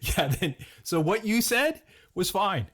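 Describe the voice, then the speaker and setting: A man's voice: high-pitched, very animated, slow pace, a bit bright. A man hosting a podcast in casual chat, chatty and self-deprecating, laughing often. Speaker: podcast host.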